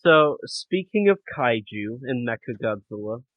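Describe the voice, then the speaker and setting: Slow-talking man on a tinny line. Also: medium pitch, lively intonation. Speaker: podcast host. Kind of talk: casual interview chat. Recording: tinny phone-like line, dry.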